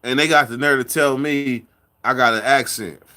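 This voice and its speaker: A man from California in a casual chat, telling rambling stories with drawn-out words and lots of repeats. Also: mid-range voice, steady tone, bright, forceful tone. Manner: loose storytelling, drawn-out words, repeats himself. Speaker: podcast host.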